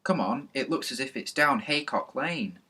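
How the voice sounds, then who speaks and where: A man voicing an excited schoolboy who exclaims eagerly as he watches a fire. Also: mid-range voice, moderate pace, husky, voice pushed up.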